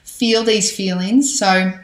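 Chatty, animated woman in an echoey room. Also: mid-range voice, slow pace. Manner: animated, expressive and chatty, with many fillers and restarts. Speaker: parenting guest and podcaster. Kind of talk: conversational interview. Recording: roomy echo.

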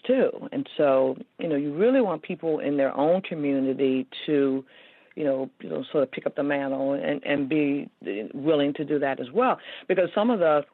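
A woman's voice: sits low, moderate pace, no room sound. An earnest woman speaks as a guest author, her talk loose and full of fillers. She comes through a narrow, tinny phone line with a dry sound. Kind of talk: casual interview talk.

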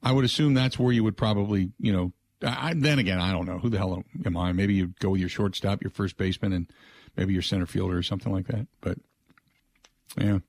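A man's voice: low-pitched, steady tone, fairly quick, a little mellow, no echo. Male radio host, casual and rambling, in a dead studio. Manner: rambling, frequent restarts and filler asides. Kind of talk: casual sports talk radio.

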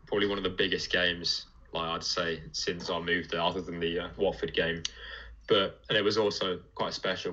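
A man's voice: low-pitched, pushed and bright, muffled recording. A man co-hosting a fan podcast. He chats with enthusiasm about memorable matches. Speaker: podcast co-host. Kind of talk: casual fan podcast chat.

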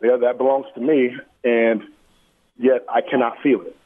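Man, interview guest, earnest, slow-paced storytelling, thin phone-like audio. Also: medium pitch, little pitch movement. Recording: tinny phone-like sound with faint noise.

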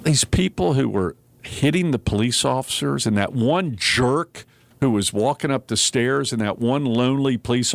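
A man's voice: mid-range voice, creaky, no room sound. A man hosting a talk radio show in casual chat, telling stories and acting out quotes in raised voices. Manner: animated storyteller, acts out quotes in raised voices.

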